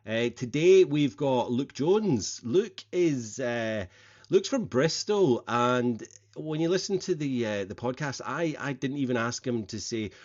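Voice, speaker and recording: A man's voice: medium pitch, animated, a little slow, a little mellow. A middle-aged man hosting a podcast, opening it with a casual, rambling solo talk full of fillers and restarts. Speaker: podcast host. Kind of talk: casual solo intro monologue. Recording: slightly dull lo-fi sound.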